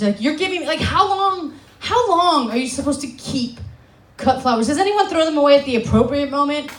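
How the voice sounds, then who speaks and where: A young American woman from Alaska works a comedy club crowd with a brash, profane, sarcastic stand-up set. Her voice sits high and bright. The sound has a roomy echo from the club, picked up on a handheld stage mic. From Alaska, USA.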